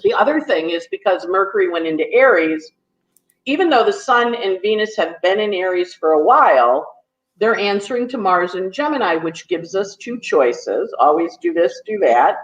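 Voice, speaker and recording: A woman astrologer chatting casually as a guest, telling a story quickly and acting out the people in it. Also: mid-range voice, expressive. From New York. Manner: talks fast when nervous, acts out quotes. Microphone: phone on a call. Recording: echoey, dull phone audio.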